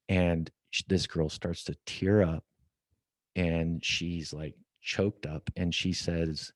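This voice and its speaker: A middle-aged man speaks slowly in a low-pitched voice, guesting on a podcast from an office at company headquarters. He's an animated storyteller who voices the dialogue as he goes. The recording is dry.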